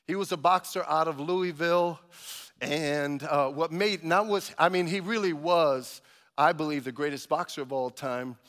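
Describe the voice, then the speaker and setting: Pastor guy preaching, high bright voice, echoey church hall, gets loud and punchy. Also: normal speed. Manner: rising to loud emphatic preaching, asks the congregation for amens. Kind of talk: sermon.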